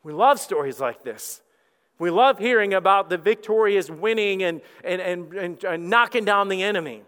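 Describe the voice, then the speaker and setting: A man preaching a sermon as lead pastor, telling the story in an animated way and acting out characters, heard with long hall reverb. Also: high voice, moderate pace, clean tone.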